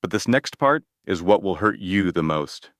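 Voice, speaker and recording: Male narrator, low voice, dry close sound, measured reading of a story. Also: expressive, dry recording.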